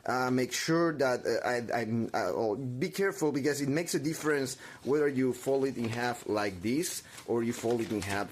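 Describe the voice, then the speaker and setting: A man giving a theatrical craft tutorial, halting and melodramatic, talking to himself with mock anxiety. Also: mid-range voice, slight background noise. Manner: halting, many restarts.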